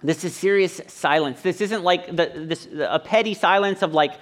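A man's voice: high-pitched, normal speed, a bit bright. A man preaching a sermon in a conversational, joking way, acting out little quotes between points. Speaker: pastor. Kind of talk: sermon with humorous asides. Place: church service.

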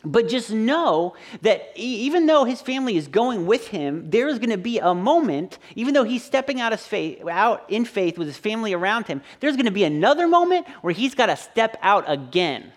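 A man's voice: high voice, sing-song, moderate pace, hardly any pauses. A man in his thirties, a pastor giving a conversational sermon with joking stories and frequent restarts.

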